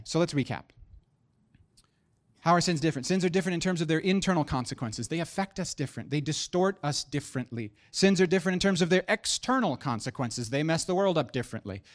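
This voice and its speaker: A man in his thirties preaching a sermon as pastor, animated and joking, building to emphatic punchlines. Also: mid-range voice.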